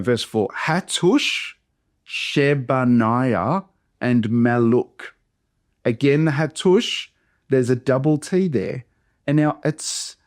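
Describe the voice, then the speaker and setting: Australian pastor, mid-pitched, slow careful syllable-by-syllable workshop teaching, dry close sound. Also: male voice, darkish tone, no room sound. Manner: slow, deliberate syllable-by-syllable modelling. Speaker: pastor teaching Bible reading.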